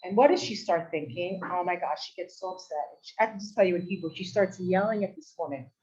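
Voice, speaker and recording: In a women's study hall at a community center, a teacher gives her weekly live Torah talk at a quick pace and fairly low pitch. Her storytelling is lively and animated, climbing to shouts for quoted outbursts, in a dull lo-fi live recording.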